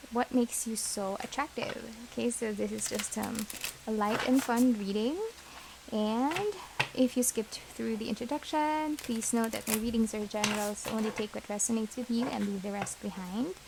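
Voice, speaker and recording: A woman reads tarot cards for her viewers in a gentle, reassuring way, often pausing on fillers. Her voice sits a little high and has a gravelly edge. A faint hiss runs under the recording. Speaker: tarot reader. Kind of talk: pick-a-card tarot reading.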